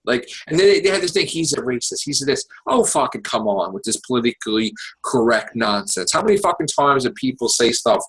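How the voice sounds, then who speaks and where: Profane, animated husky man ranting. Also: mid-range voice, brisk, hardly any pauses. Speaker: podcast host. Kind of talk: heated casual political rant.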